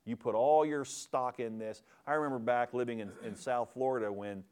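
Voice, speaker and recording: A man preaching a verse-by-verse sermon in a church. His voice sits at an ordinary middle pitch but swings hard, rising to sudden shouts and dropping to hushed, intimate asides. The delivery is emphatic and animated throughout. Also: moderate pace, clean tone. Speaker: pastor. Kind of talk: expository sermon.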